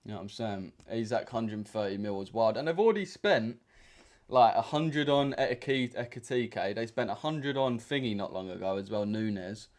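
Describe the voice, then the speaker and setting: On his trading livestream, a young man chats casually at a moderate pace, his voice on the low side and a little mellow. The banter is laid-back and slangy, with fillers sprinkled throughout.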